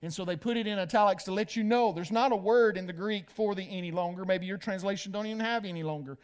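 A man with a high-pitched voice delivers a lively sermon. He quizzes his listeners and answers his own questions. His delivery jumps from forceful, emphatic peaks to quiet, hushed passages. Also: quick pace, clean tone. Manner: animated preaching, rising to emphatic peaks and dropping to hushed lines; asks the congregation questions and answers them. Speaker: pastor.

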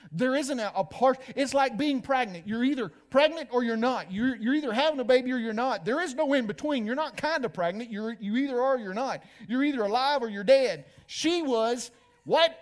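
A man with a high-pitched voice delivers a lively sermon. He quizzes his listeners and answers his own questions. His delivery jumps from forceful, emphatic peaks to quiet, hushed passages. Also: normal speed. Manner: animated preaching, rising to emphatic peaks and dropping to hushed lines; asks the congregation questions and answers them. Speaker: pastor.

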